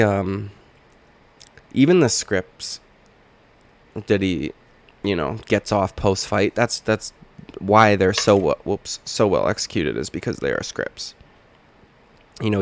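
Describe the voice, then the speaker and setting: A young man hosting a casual reaction vlog, hoarse from just waking up, with a rambling, profane, wisecracking way of talking. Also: fairly low pitch. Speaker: channel host.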